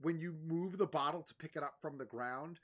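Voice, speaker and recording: A woman's voice: deep voice, brisk. A young woman narrating as game master for a tabletop game, descriptive and a bit hesitant.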